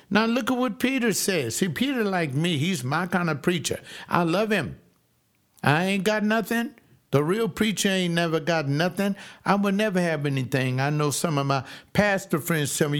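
A male preacher with a somewhat high voice preaches a sermon. His delivery is folksy and emphatic, and he slows down to drive his key phrases home. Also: lively intonation. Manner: folksy, emphatic preaching with slow stressed repeats.

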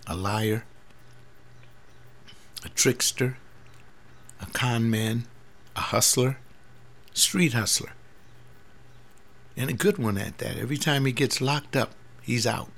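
A man's voice: medium pitch, takes it slowly, pauses often, fairly bright tone. A man in his seventies, a pastor, talking earnestly in a rambling personal monologue, often repeating words. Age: 70s.

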